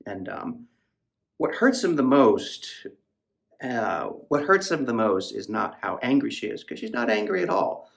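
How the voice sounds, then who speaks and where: A man's voice: mid-range voice, sing-song, a little slow, gravelly. A man hosting a podcast, rambling casually about a novel in a profane, filler-heavy way. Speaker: podcast host reviewing a novel. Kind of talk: casual book discussion.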